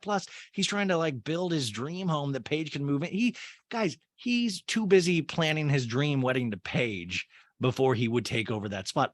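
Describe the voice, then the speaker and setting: A man's voice: medium pitch, no room sound. Chatty, sarcastic male podcast host. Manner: chatty, sarcastic, rambling asides. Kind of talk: casual recap commentary.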